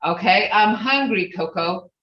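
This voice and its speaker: An animated, unhurried woman with a mid-range voice leads an online language class on a video call whose audio is roomy, distant, and dull. She patiently calls on students individually, coaching each of them through every phrase.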